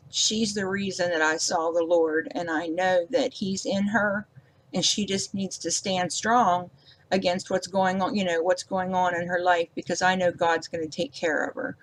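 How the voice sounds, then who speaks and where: A middle-aged woman talking casually as a card-making vlogger, rambling and heartfelt in a folksy way. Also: lowish voice. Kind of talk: casual voice-over while coloring a card.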